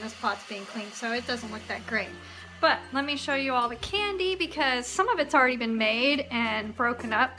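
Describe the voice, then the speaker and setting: A cheerful woman with a high voice chats to the camera as she shows off her home and kitchen. She talks in a casual, friendly vlog style. The home video has music playing clearly under her voice. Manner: chatty, cheerful, talking to camera while doing chores. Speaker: vlogger. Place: family home, indoors.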